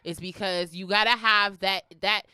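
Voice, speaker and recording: A woman's voice: medium pitch, steady tone, moderate pace, bright, forceful tone, clean tone, no room sound, studio quality. A woman co-hosting a podcast in casual chat, blunt and emphatic, swearing freely. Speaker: podcast co-host.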